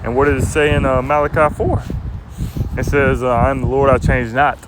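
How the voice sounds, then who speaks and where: Man preaching outdoors in loud wind. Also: mid-range voice, flat delivery. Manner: casual, repeats "man" at line ends, halting fillers. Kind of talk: informal preaching with scripture reading.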